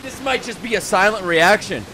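A man hosting an anime reaction video in casual commentary, swinging between loud outbursts and hushed murmurs. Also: high voice, animated, moderate pace, a little hiss or hum. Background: faint anime soundtrack music.

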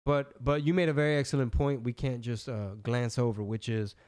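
Slangy, animated man podcasting. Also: mid-range voice, fairly quick, clean tone. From Texas. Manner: animated, slangy, restarts sentences often. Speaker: podcast host. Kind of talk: casual political chat.

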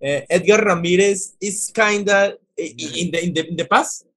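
A man from Colombia, a Spanish speaker and interview host, chatting in halting English. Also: sits high, fairly bright tone. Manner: halting second-language English. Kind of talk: casual interview chat.

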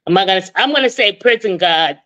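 A woman's voice: mid-range voice, lively intonation, quick pace, fairly bright tone, highs cut off. A woman in her forties from Boston with a Boston accent, chatting as a caller on a live call-in show in a talkative way. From Boston, Massachusetts. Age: 40s. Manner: chatty, talks over the host, laughs often. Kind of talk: casual call-in chat.

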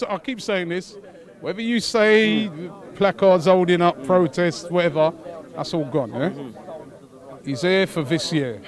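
A man interviewing fans outdoors after a match, asking calm, probing questions. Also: on the high side. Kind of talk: street vox-pop interview. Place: outdoors near a stadium. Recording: crowd noise behind.

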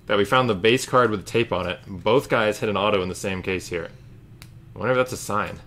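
A man's voice: fairly low pitch, a little fast, a bit bright. A man hosting a live trading card break, casually calling out each card as he opens packs.

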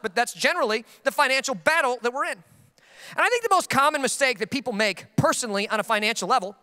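A man's voice: very high-pitched, bright, forceful tone, clear, resonant tone, long reverb tail. A man preaching a casual, joking sermon as a pastor, poking fun at himself. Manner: casual, joking, self-deprecating.

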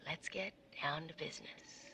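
An actress playing a calm night-time radio DJ in a film clip, soft and low-key on the air. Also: female voice, moderate pace, in a whisper. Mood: soothing.

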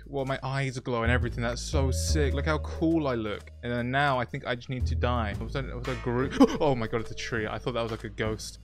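An excitable young man talks through his video game session with quick jokes and self-mocking remarks. His voice sits at a middle pitch, and faint music plays underneath. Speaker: gaming YouTuber. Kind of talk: playthrough commentary with voice-over narration.

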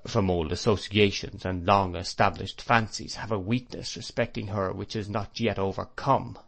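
A man's voice: mid-range voice, normal speed, fairly bright tone. A man voicing a grave, domineering stepfather who speaks sternly.

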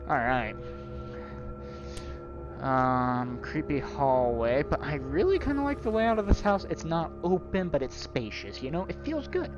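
A man's voice: a little high, lively intonation, a little slow, music in the background. A man giving joking, rambling commentary while playing a horror game. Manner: joking, rambling, self-mocking asides. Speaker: gaming video host. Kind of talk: let's play commentary.

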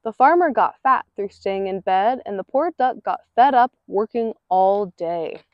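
A woman reading a picture book aloud in an expressive, rhythmic way. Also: mid-range voice, unhurried, no echo. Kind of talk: read-aloud storytelling. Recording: dull lo-fi recording.

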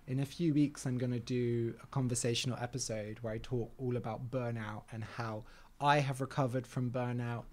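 A man hosting a relaxed live stream for English learners, chatty and rambling, often stopping to explain words simply, with easy laughs and frequent ums. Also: fairly high pitch. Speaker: English teacher and podcast host.

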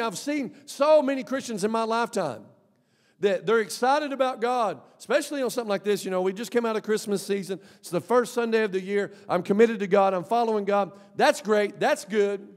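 High-voiced preacher shouting in a hall. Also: male voice. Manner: swings between loud shouting and low mumbled asides. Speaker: pastor. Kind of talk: sermon. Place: church sanctuary. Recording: long church hall reverb.

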